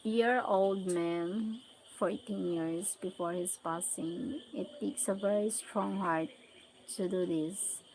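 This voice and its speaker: A woman with a Filipino accent hosting a casual livestream, slowly reading out viewers' comments and thanking them one by one. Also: medium pitch, steady tone, a little mellow, slight background noise, rough recording. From Philippines. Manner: slow, unhurried greetings and thanks to viewers. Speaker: livestream host.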